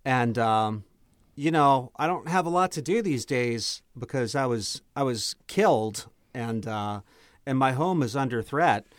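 A man's voice: medium pitch, animated, measured pace, no echo, clean studio sound. A man playing a dwarf in a tabletop game, chatty and rambling, often restarting his words. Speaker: player.

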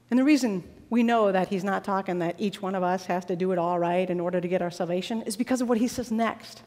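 A woman preacher giving a sermon in a large worship hall, with an animated and dramatic delivery. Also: medium pitch, fast talker, few pauses. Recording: long reverb of a large hall.

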